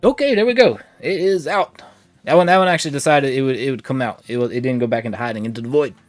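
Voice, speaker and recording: Over soft background music on a dry recording, a gaming streamer talks fast with a medium, fairly even-toned voice. He chats with viewers, reads chat aloud, and makes playful asides, sounding a little short of breath from allergies.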